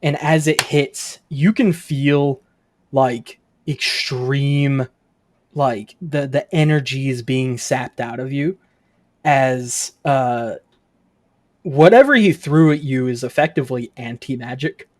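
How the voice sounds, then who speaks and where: A man's voice: medium pitch, takes it slowly, no echo. A man narrating as game master in a tabletop game, in a loose, casual way with many filler words.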